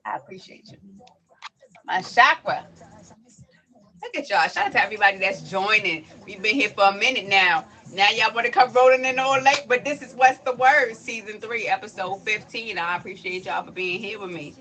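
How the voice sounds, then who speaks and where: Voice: mid-range voice, moderate pace, bright, forceful tone, rough recording. A host of a livestream poetry show, chatting casually in loose, slangy banter with the audience. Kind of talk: casual chat.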